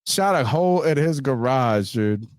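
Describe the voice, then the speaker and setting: A man telling a wild story on a podcast, swearing freely and jumping into loud voices for himself and his friend. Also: medium pitch, a little slow, clean tone, no room sound, studio quality. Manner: animated, swearing, acts out both sides in raised voice. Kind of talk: casual profane storytelling.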